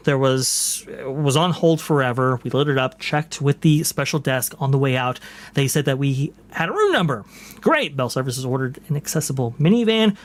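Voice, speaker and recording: Podcast guy reading posts out and riffing, lots of uhs and "right here". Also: medium pitch. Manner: chatty, many fillers, repeats "right here". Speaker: podcast host. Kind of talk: casual chat reading viewer posts.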